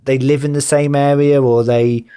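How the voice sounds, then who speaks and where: A man's voice: mid-range voice, normal speed, smooth. Teasing man, podcast co-host. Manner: animated, mimics other people's voices for laughs. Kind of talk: casual chat.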